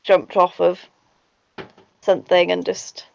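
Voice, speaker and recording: Woman player, unsure, fry in the voice, muffled call sound. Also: fairly low pitch, monotone, takes it slowly, darkish tone. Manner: hesitant, unsure. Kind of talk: casual game chat.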